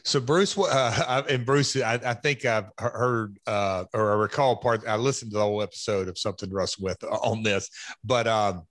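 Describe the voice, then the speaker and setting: A man in his fifties with a Southern US accent, hosting a podcast and reminiscing in a halting, reflective way. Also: on the low side, fairly even intonation, a bit bright, dry recording. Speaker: podcast host. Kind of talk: casual podcast chat.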